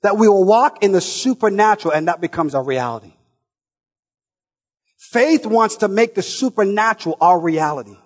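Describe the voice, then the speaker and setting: A male preacher with a high, husky voice delivers a passionate sermon, swinging from shouted lines to soft asides and calling out to his listeners. His voice rings with a long reverb from a large church hall. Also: expressive, normal speed.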